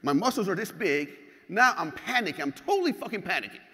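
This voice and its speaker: A man giving a motivational keynote, telling stories in an animated, profane way and acting out scenes. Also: high voice, fast. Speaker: keynote speaker. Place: large hall. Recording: hall with long reverb.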